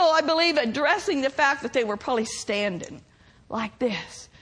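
A woman's voice: sits high, sharp tone. A woman preacher delivering a sermon to her church in an emphatic way, drawing out key words.

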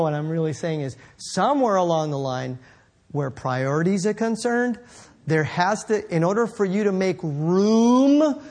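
Husky-voiced man preaching with animated exclamations. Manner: animated, jumps to high incredulous exclamations; reads scripture slowly, then riffs conversationally. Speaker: pastor. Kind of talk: sermon.

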